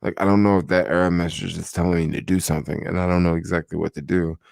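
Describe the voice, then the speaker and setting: A tired young man hosting a casual late-night livestream, rambling and relaxed with many fillers, talking into a desk microphone at home. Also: low voice, fast talker, creaky, no echo, studio quality. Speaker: livestream host. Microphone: desk microphone without headphones.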